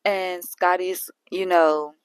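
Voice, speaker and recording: A woman's voice: on the low side, steady tone, slow pace, clear, resonant tone, no room sound. A woman hosting a reality show recap, talking in a sassy, blunt way full of slang. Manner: sassy and blunt, heavy on slang like "girl" and "sis". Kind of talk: casual recap commentary.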